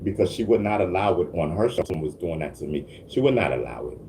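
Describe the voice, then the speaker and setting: Stammering man chatting on a livestream, lively pitch. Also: fast, a little hiss or hum. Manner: stammering restarts, frequent laughs, keeps asking "you know what I mean". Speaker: livestream host answering chat. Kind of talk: casual livestream chat.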